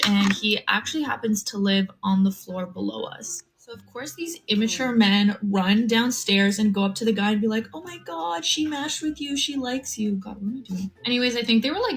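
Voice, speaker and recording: A woman's voice: medium pitch, low-quality recording. A young woman chatting casually into the camera, telling a personal story with lots of "like" fillers and acted-out quotes.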